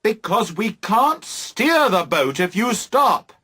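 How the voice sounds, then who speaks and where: A man playing a young man shouting from a boat. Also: high voice, very animated, takes it slowly, slightly rough, pitched above the performer's own voice, heavily acted. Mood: shouting insistent. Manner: shouting, raised and insistent.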